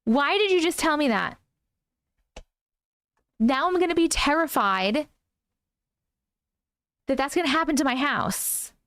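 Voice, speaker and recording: A woman's voice: high-pitched, expressive, a little slow, pauses often, a bit bright, dry recording. A woman hosting a casual livestream at home, reading viewer comments aloud, easily spooked and laughing often. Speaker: host reading viewer stories. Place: home room.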